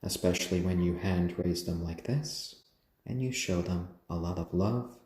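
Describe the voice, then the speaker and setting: A man hosting a casual home live stream, gently cooing to his pet chickens and chatting with viewers. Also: deep voice, moderate pace, echoey room. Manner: chatty, answers viewers' comments.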